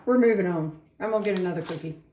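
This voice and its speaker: A woman's voice: on the low side, rapid-fire, mellow, a little hiss or hum. A woman hosting a casual home cooking video, chatting and poking fun at herself as she works in front of a camera on a tripod. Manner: chatty, self-deprecating, talks while working. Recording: echoey room.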